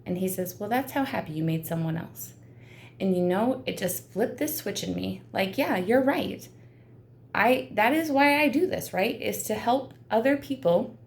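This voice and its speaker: A woman's voice: fairly low pitch, gravelly. A woman dog breeder talking earnestly and emotionally to the camera while seated indoors, with frequent ums. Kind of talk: heartfelt talk to camera.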